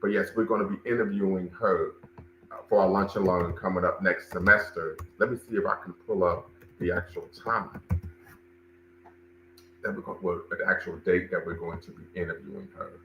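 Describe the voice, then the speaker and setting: A man's voice: sits low, steady tone, normal speed, sharp tone, roomy sound, muffled recording. A man hosting a livestream, commenting and talking with his chat, emphatic and repeating phrases for stress. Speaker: livestream show host and cultural center director.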